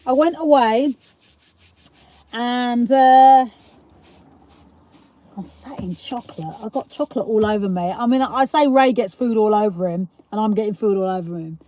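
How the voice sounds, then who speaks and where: High-voiced South East London woman, rambling. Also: normal speed, pauses often, warm tone, no echo. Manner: rambling, giggly storytelling with casual swearing. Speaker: livestream host. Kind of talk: casual live-stream chat.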